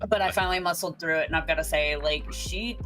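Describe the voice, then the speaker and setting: A woman's voice: low voice, fairly bright tone, soft background music, low-quality recording. Chatty woman with a light Southern twang. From Southern United States. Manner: chatty storyteller, quick to laugh. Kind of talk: casual chat.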